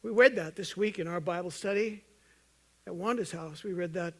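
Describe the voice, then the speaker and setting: A man preaching a sermon as pastor, earnest and urging, at times loud and at times hushed, joking with the congregation. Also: moderate pace. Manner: earnest, swings from loud emphatic urging to soft low intensity; jokes with the congregation.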